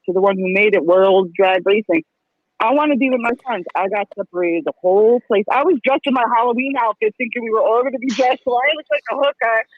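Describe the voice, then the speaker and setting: A husky-voiced woman swears her way through a story about being split from her friends. She sounds dull and slightly muffled, as if on a lower-quality mic. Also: fairly even intonation, fast talker, few pauses, no echo. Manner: crude, swears heavily. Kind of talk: casual chat.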